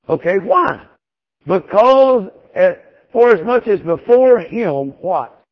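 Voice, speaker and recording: A man's voice: high voice, lively intonation, slow pace, dry recording, dull audio. A man preaches a sermon in a folksy, emphatic, repetitive way.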